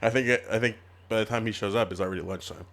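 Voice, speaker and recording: A man's voice: fairly low pitch, fast talker, fairly bright tone. Laughing man chiming in. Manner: laughs often, chimes in briefly. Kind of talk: casual chat.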